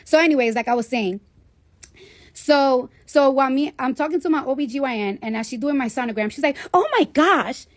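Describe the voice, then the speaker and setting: Woman, high voice, dry close sound, casual livestream storytelling, candid, swears a lot. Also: a little fast, a little mellow, dry recording. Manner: candid, profanity-laden, chatty. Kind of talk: casual storytelling to a live audience.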